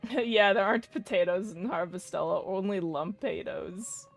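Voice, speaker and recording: A woman's voice: medium pitch, normal speed, gravelly, soft background music. A young woman giving casual, rambling commentary while streaming a game, swearing and laughing often.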